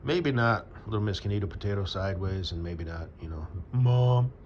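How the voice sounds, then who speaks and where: A man's voice: on the low side, moderate pace, slight background noise. Rambling, crude American man. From United States. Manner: rambling, crude, full of fillers. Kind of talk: rambling monologue to camera. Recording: dull lo-fi sound with faint background ambience.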